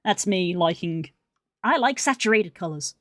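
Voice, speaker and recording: A woman's voice: lowish voice, expressive, normal speed, fairly bright tone, dry recording, clean studio sound. A young woman streaming while editing video, rambling and musing aloud to her chat in a casual way.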